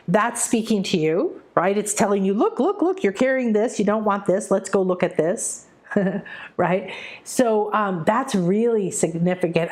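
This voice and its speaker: Middle-aged woman, spiritual teacher, live session host, animated, quick bursts then soft slow talk. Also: medium pitch. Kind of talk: casual live-stream talk to viewers.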